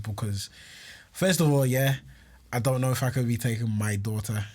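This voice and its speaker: Young man, podcast co-host, casual banter, frequent laughs, medium pitch. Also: steady tone, fairly quick, a little mellow. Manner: laughs often, slangy banter. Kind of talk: casual chat.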